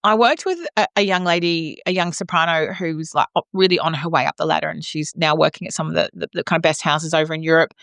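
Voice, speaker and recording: A woman's voice: sits low, fairly even intonation, fast talker, creaky, hardly any pauses, fairly bright tone, no room sound. An Australian woman co-hosting a podcast in casual chat, rambling and teasing as she tells stories. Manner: chatty, rambling with restarts, teasing. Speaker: podcast co-host.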